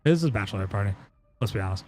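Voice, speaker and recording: A man's voice: fairly low pitch, expressive, rapid-fire, darkish tone, slight background noise. A young man chatting casually on a live stream, telling a story in a rambling way with lots of fillers and swearing.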